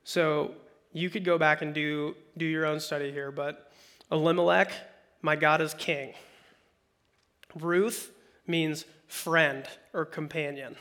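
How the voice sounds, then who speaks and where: Bright-voiced man preaching conversationally. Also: fairly high pitch, unhurried. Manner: conversational, animated preaching with acted-out quotes. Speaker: pastor. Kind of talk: sermon.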